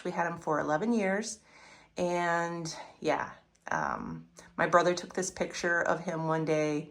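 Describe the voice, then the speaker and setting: A woman's voice: lowish voice, expressive, a little slow, a bit bright. A woman in her fifties chatting casually while giving a home tour, enthusiastic about her thrift finds. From United States.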